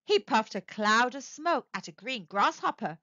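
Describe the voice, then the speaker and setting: A woman narrating a children's story aloud in an expressive, sing-song way. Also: a little high, normal speed, no echo, muffled recording.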